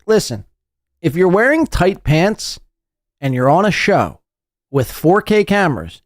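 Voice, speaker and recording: A man's voice: high-pitched, sing-song, unhurried, pauses often, no room sound, clean studio sound. A man hosting a podcast, reacting to clips with crude, mocking commentary and constant swearing. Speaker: podcast host. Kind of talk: profane commentary over clips.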